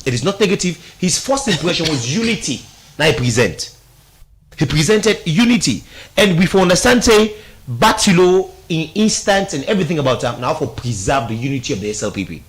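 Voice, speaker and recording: A man with a Sierra Leonean Krio-inflected accent holds forth on a radio talk show, breaking down a political speech. His voice sits a bit high and swings widely in pitch. He talks in an emphatic way and slides between Krio and English. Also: big pitch swings, fairly quick.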